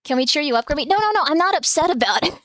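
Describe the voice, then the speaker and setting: Talking very fast in a high, expressive, fairly bright voice, a woman streamer chats casually from her home room with her cats. She's giggly and rambling, full of fillers and little laughs, with clean studio sound and no room sound.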